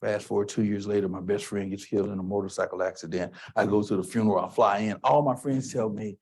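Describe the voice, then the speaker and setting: A man from Texas giving a motivational keynote, telling stories in an emphatic, animated way. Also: on the low side, fast talker, few pauses, husky. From Texas, USA. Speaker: keynote speaker. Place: conference hall stage.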